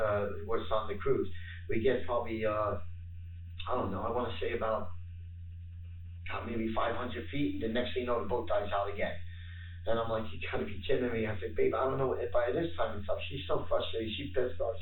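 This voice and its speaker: A man being interviewed by police, talking haltingly with many fillers. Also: medium pitch, steady tone. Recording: echoey room, distant mic, faint noise.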